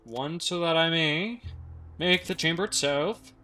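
A young man commentating his own gameplay, thinking aloud, swearing and getting excited. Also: on the high side, a little slow, faint music behind. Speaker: gaming streamer.

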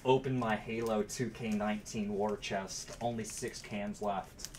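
A man's voice: lowish voice, steady tone, a little slow, background noise. A man hosting a card break, chatting casually and calling out cards between stories. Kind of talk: casual chat while opening card packs.

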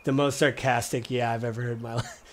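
A man's voice: medium pitch, flat delivery, fast. A man running a tabletop game as game master, describing scenes casually with many fillers. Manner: casual, rambling, frequent fillers and laughs.

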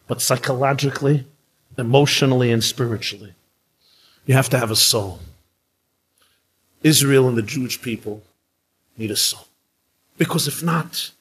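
A man, a rabbi, giving a live inspirational sermon with emphatic storytelling and dramatic pauses. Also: medium pitch, a bit bright, slightly rough, rough recording.

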